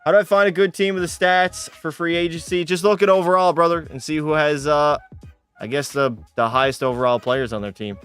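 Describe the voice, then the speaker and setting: A man's voice: a little high, fairly even intonation, brisk, a bit bright, clear, resonant tone, soft background music. A young man streaming a hockey game, chatting with his viewers and getting worked up over the play. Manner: casual, swearing, frustrated outbursts. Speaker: gaming streamer. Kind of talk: live game commentary with chat.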